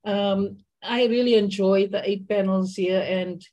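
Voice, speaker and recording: A woman's voice: medium pitch, steady tone, mellow. A woman reading and explaining her poetic comic over a video call, thoughtful in manner. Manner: slow and thoughtful. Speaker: workshop participant.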